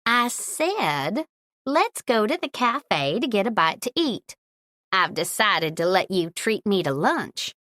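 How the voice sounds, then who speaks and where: A woman voicing a feisty, fiercely loyal older woman with a sharp, commanding manner in an audiobook. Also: mid-range voice, very animated, slow pace, no echo, clean studio sound. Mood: bossy.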